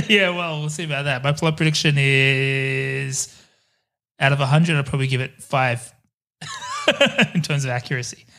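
A man's voice: medium pitch, animated, measured pace, creaky, pushed and bright. A man co-hosting a casual film-review chat, rambling through lists and laughing easily. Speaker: podcast co-host.

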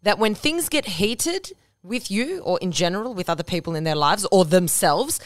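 A woman's voice: medium pitch, normal speed, no room sound, clean studio sound. A woman hosting a podcast, giving direct relationship advice in a coaching monologue. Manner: direct, coaching, lively with acted-out asides. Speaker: podcast host.

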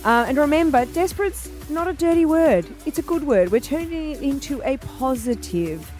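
Australian woman, high voice, radio host, bubbly, giggly, music in background. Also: lively intonation, moderate pace, a little mellow. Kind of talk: casual breakfast radio chat.

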